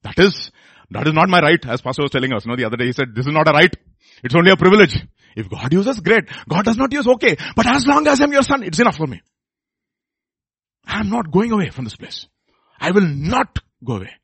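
Male preacher, fairly high and very animated voice, emphatic, questioning the audience, dry sound. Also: a little fast, slightly rough, no echo. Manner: swings from loud emphatic bursts to hushed low intensity; repeats and restarts phrases, asks the audience questions. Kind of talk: sermon.

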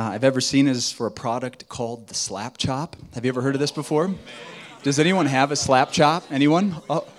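Man, pastor, conversational sermon, mid pitch, joking with audience. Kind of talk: sermon at a retreat. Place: retreat meeting hall.

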